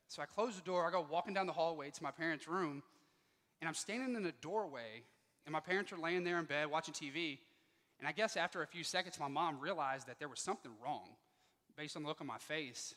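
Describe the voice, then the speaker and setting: A man giving a motivational speech to students, telling a personal story with lively delivery and acting out the dialogue. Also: a little high, brisk, big-room sound. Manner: animated, acts out quoted dialogue. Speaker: motivational speaker. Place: school auditorium.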